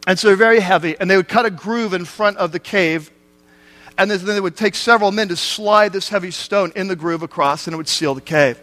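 A man's voice: high voice, brisk, sharp tone. A man preaching a sermon, retelling a scripture story in everyday speech with rhetorical questions to the listeners.

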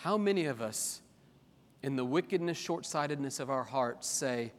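A man preaching a sermon as pastor, animated, with humorous personal asides. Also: medium pitch, normal speed. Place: church sanctuary. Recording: long reverb of a large hall.

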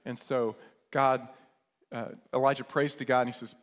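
A pastor preaching a sermon, retelling scripture as a lively story in casual modern terms. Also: male voice, medium pitch, moderate pace, long reverb tail.

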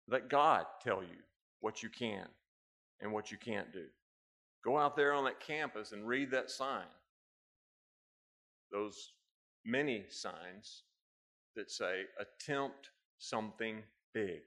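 A man's voice: fairly low pitch, slow, a bit bright. An American man preaching a sermon, telling a story and then building to emphatic exhortations. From United States. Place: church hall with a live congregation.

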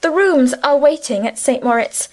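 Tender young schoolgirl in an audiobook , read by a woman; high, soothing, earnest. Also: lively intonation, normal speed, a little mellow. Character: gentle affectionate schoolgirl friend, young woman. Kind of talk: audiobook character reading.

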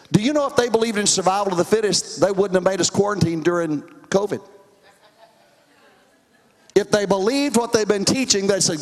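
Emphatic preacher in a reverberant hall. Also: male voice, high-pitched, brisk, long pauses. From Texas. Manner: emphatic storytelling, rising and falling intensity. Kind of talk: testimony sermon.

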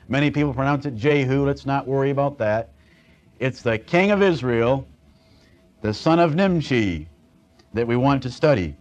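A man preaching a Bible sermon in a folksy, conversational way, slowing down to stress his points. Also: medium pitch, a little mellow. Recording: dull lo-fi sound.

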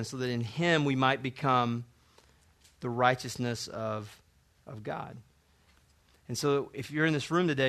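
Young male pastor, bright forceful tone, preaching that swells loud and drops to a hush. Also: fairly high pitch. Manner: preaching with swells of intensity, then drops to hushed tones. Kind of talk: sermon. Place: church hall.

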